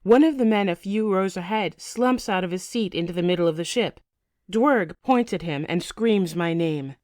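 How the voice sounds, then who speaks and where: A woman's voice: fairly low pitch, normal speed, darkish tone, no room sound, clean studio sound. A woman audiobook narrator reading a first-person saga in a vivid, tense storytelling manner.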